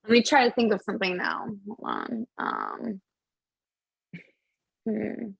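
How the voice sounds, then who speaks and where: A woman's voice: mid-range voice, huge pitch swings, slow, gravelly, breathy edge, no echo, muffled recording. A young woman co-hosting a casual podcast chat, laughing often and swearing casually as she tells stories. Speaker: podcast co-host.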